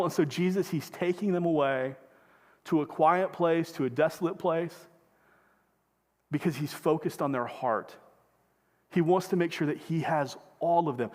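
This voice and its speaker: A man with a fairly high voice delivers a sermon from the pulpit. He talks in a conversational way and keeps asking the congregation questions. His words ring out with a long echo in a worship hall. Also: normal speed. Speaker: pastor. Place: church sanctuary.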